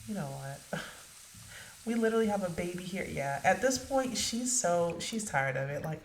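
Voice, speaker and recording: A woman's voice: on the low side, expressive, normal speed, slight background noise. A woman casually narrating her gameplay, chatting directly to her viewers. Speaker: let's play narrator. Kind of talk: casual game commentary. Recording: echoey room.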